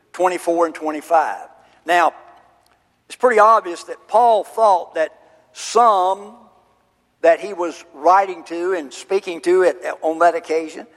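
A man preaching a sermon, expounding scripture slowly and emphatically. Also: sits high, a bit bright. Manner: slow, emphatic scripture exposition. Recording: hall reverb.

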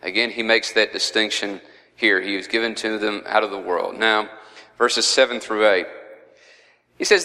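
A man's voice: lowish voice, fairly even intonation, moderate pace, pushed and bright, long reverb tail, low-quality recording. A man teaching a verse-by-verse Bible study in a conversational way, with frequent fillers.

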